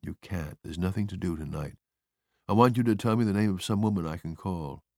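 A calm, firm man holding things together, his orders quiet and steady, as the male narrator puts him on. The voice sits low, and the recording is dry and close. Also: a little fast, no echo. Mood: stern, calm. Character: calm, stern screenwriter taking charge in a crisis.

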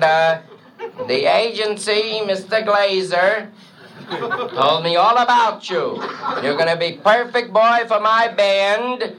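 A man doing a shrill bossy old bandleader. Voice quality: broken English, shrill and bossy. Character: fussy elderly male bandleader, broken English. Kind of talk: stand-up impression. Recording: loud noise, audience laughter.

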